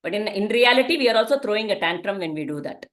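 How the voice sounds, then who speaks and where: A woman's voice: mid-range voice, lively intonation, quick pace, fairly bright tone. A woman teaching a parenting class in a conversational way, often asking rhetorical questions.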